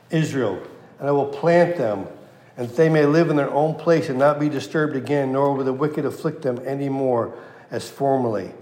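A man preaching a sermon, quoting scripture with passion and dropping to a hush at key lines. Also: mid-range voice. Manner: impassioned, swings from loud to hushed. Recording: echoey room.

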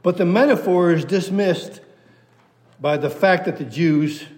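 Reading scripture aloud in an expository sermon, a man presses his points through repetition. His voice is high and a little mellow, he speaks a little slowly, and the recording carries long hall reverb.

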